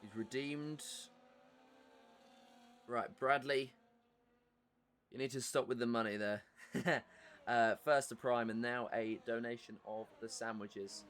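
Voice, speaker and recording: A man's voice: medium pitch, fairly even intonation, slow pace, pauses often, a bit bright. A man with an English accent giving live commentary on an online racing league, chatty and answering viewer messages between race updates.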